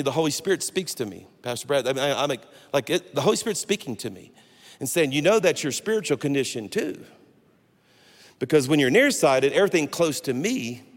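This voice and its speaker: Animated man in his sixties preaching. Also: medium pitch. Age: 60s. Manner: animated storytelling with humor. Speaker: guest pastor. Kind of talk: sermon. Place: church sanctuary. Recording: long hall reverb.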